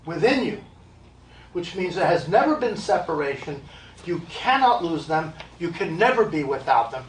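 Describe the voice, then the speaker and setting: Very animated and fairly high-pitched, an American medium speaks at a normal speed to a live audience in an event hall. He's blunt and emphatic, repeating points and cracking jokes along the way. There's a bit of hiss or hum, plus echo from a distant mic in the room.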